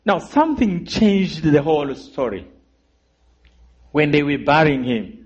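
A man giving a sermon testimony, telling his story dramatically and calling for amens, his voice dropping low and rising again. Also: big pitch swings, a little slow, slightly rough. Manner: dramatic storyteller, calls for amens, swings between loud and hushed. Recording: muffled lo-fi recording.

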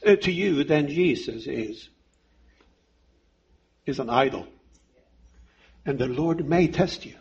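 A man in his fifties preaching a sermon, delivering it slowly and emphatically with deliberate pauses. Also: sits high, creaky, a little mellow, slightly rough, lo-fi sound.

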